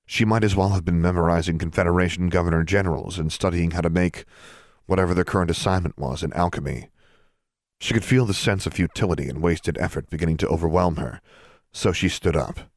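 A man with a very low voice reads a storybook aloud, even and measured. The sound is close and dry with no room around it. His pacing stays steady across long passages. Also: no echo. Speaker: narrator. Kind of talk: audiobook narration.

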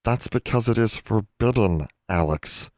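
A man's voice: on the low side, expressive, a little slow, a little mellow, dry recording, clean studio sound, pitched above the performer's own voice. A man voicing a grave male elf who speaks formally in broken grammar. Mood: solemn.

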